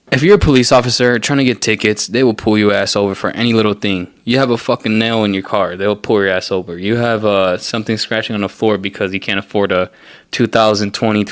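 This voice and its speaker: A man's voice: fairly low pitch, no room sound, studio quality. A young man hosting a podcast, telling a story in a casual, profane and exasperated rant. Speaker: podcast host. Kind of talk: casual ranting monologue.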